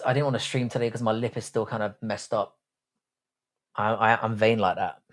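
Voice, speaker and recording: A young man hosting a live stream and chatting with viewers, blunt and profane. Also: mid-range voice. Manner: crude, profane banter. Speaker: livestream host. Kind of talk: casual live chat reading comments.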